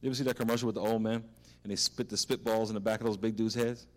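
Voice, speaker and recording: A man preaching as a pastor, swinging from loud animated exhortation to a hushed prayer. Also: fairly low pitch, very fast. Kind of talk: sermon.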